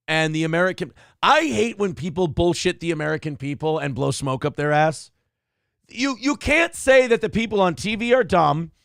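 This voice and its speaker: A male host with a high, gravelly voice that swings wildly up and down, firing off sarcastic, profane jabs. His delivery is a mocking comedic rant. The sound is close and dry, with no room around it. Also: a bit bright, dry recording. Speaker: podcast host.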